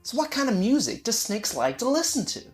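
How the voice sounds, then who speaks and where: A performer playing a fawning, excitable male talk-show host in an improvised comedy sketch. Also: mid-range voice, brisk, close to an everyday voice. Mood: gushing. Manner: fawning, over-the-top. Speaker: interviewer. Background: faint sitar music.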